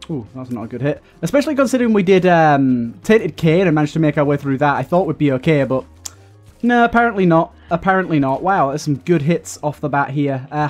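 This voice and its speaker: A young man with a fairly high voice delivers loose, rambling gameplay commentary. He sounds exasperated, full of fillers and restarts as he talks through his run. Faint game music plays behind him. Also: a little mellow. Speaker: gaming YouTuber. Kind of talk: casual let's-play commentary.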